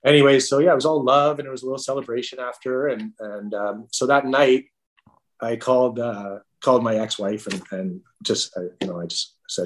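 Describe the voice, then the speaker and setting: In a mid-range voice with fairly even intonation, a middle-aged man appearing on a podcast relates something emotional and personal. He keeps restarting and using fillers, so it comes out haltingly.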